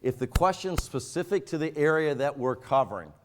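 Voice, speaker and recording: A man from Michigan with a rural Michigan accent, running a software training class in a casual, joking way and speaking straight to the group. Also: a little high, expressive, a little fast, slight background noise. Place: training room with an audience.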